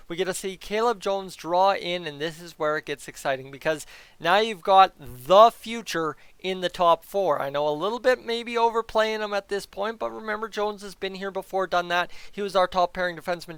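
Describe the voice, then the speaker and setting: A man giving a casual, energetic hockey game preview to his viewers, chatty and direct. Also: high voice, smooth, no room sound. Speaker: hockey YouTuber.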